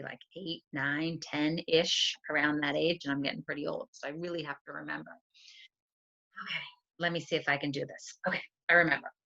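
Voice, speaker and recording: Woman teacher, lowish voice, animated storyteller voice, video call, dull lo-fi sound. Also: gravelly. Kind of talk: storytelling writing lesson.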